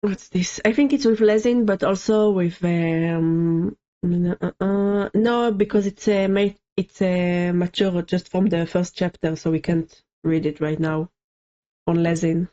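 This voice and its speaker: A streamer co-host rambling through casual explanations, laughing often. The voice sits at a middle pitch. The recording is dull and lo-fi. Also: steady tone, unhurried, warm tone. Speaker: VTuber co-host.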